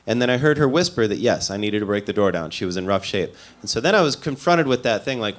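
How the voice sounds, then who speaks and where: A male comedian from the Midwest tells a long story in a loose, conversational way. He makes fun of himself as he goes and drops dry side remarks. His voice sits at an ordinary middle pitch for a man. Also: lively intonation, fast talker. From American Midwest. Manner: loose, self-mocking storytelling with dry asides. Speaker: stand-up comedian. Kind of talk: stand-up comedy.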